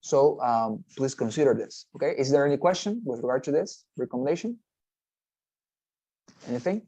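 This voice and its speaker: A man's voice: medium pitch, moderate pace, mellow, no echo, poor audio. A man teaching a test-preparation lesson, explaining step by step, often checking in with "okay?" and restarting phrases. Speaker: TOEFL teacher. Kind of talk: recorded class lecture.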